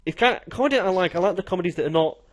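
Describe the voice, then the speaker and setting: A young British man talking quickly and eagerly, rattling through film chat at a brisk clip. His voice sits a bit high for a man, and he jumps into acting out scenes mid-sentence. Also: animated. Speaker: podcast co-host. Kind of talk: casual chat about films.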